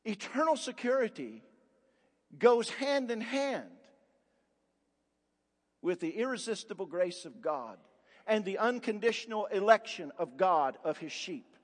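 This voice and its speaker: A man with a high, light voice preaches a sermon from the pulpit, pressing his points with rhetorical questions and hammering repetitions. His words ring out with a long, lingering reverb from a large church hall. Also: very animated, unhurried, long pauses. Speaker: pastor. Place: church sanctuary.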